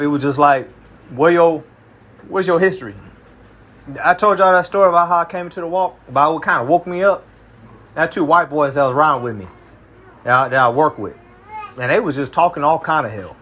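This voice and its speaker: A man from Kentucky, medium-pitched with a fairly bright tone, leads a small Bible study group. His conversational, slang-heavy style includes frequent checks like "you see what I'm saying" to make sure listeners follow.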